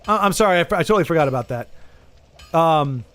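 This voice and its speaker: A man's voice: a little high, expressive, quick pace, a bit bright. A man with a Southern US Texan accent, chatting casually to viewers while streaming a game. He rambles, trails off mid-thought and restarts his sentences. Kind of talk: casual chat while gaming, talking to viewers.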